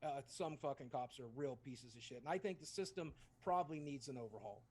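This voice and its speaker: A man's voice: mid-range voice, darkish tone, husky. A man casually telling a personal story, candid and heavy on swearing. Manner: profane, candid, fast-talking.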